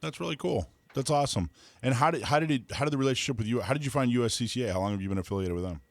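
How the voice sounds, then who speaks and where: A man's voice: mid-range voice, very fast, no echo. A man from North Florida hosting a radio show, asking friendly questions in casual talk and restarting often. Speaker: host.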